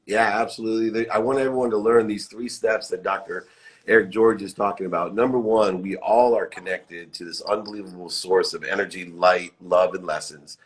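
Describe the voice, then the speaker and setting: A man's voice: low-pitched, fairly even intonation, brisk. A middle-aged man hosting a live motivational chat, effusive and upbeat, repeating uplifting phrases. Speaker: live show host. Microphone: phone or webcam live stream.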